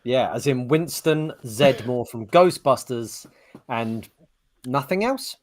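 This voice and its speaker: Slow-paced and mid-range, this man's voice belongs to a podcast co-host who rambles through stories in casual conversation, performing the quotes he retells with animated flair.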